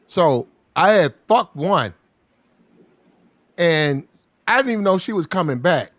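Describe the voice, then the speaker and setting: A man telling a crude story in casual podcast talk, loud and animated, swearing and acting out the quotes. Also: sits high, takes it slowly, no room sound.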